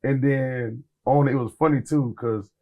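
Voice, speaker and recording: A man's voice: mid-range voice, steady tone, unhurried, narrow, tinny audio. A man who is a rap artist, telling stories in a casual interview in a laid-back, rambling way, full of fillers and acted-out quotes.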